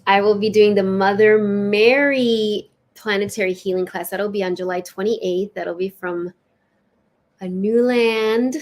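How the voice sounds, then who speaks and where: Woman, casual live-stream host, lilting oracle card reading, chatty and expressive. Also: mid-range voice, moderate pace. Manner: warm, chatty, lilting and expressive, with soft laughs. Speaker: spiritual teacher hosting a live session.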